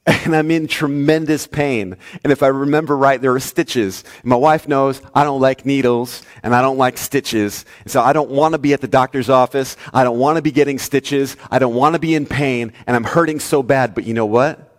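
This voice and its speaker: A male pastor preaching a sermon, telling a story with lively swings between loud, emphatic lines and hushed, soft ones. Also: medium pitch, normal speed, few pauses, in a large hall.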